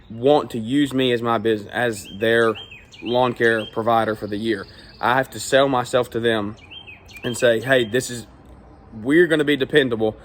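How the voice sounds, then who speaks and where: A man's voice: mid-range voice, noisy background. A man who owns a small lawn care business, giving straight-talking advice in a casual vlog and tagging his points with "all right?" and "okay?".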